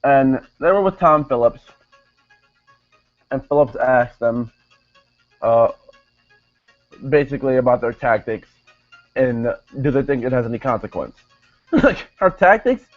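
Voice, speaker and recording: A man's voice: mid-range voice, unhurried, pauses often, dry recording. A young man casually reviewing a wrestling show, rambling with many fillers and self-corrections. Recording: dull lo-fi sound, faint music behind.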